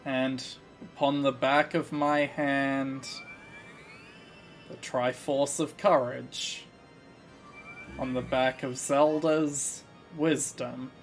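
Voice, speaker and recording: A man's voice: medium pitch, level tone, very slow, long pauses, faint music behind. A man casually commentating his video game playthrough, musing through his moves with a slight frog in his throat. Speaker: let's play host.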